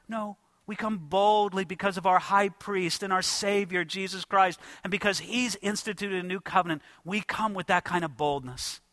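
High, bright-voiced emphatic preacher man. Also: normal speed, hardly any pauses, no echo. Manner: emphatic, addresses listeners directly. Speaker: pastor. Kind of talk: expository sermon.

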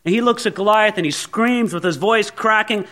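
High-voiced man preaching animatedly. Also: normal speed. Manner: animated, theatrical storytelling. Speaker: pastor. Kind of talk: sermon.

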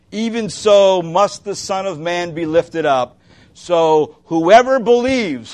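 A man preaching a sermon as pastor, impassioned, moving between loud emphatic lines and hushed ones, asking his listeners direct questions. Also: high voice.

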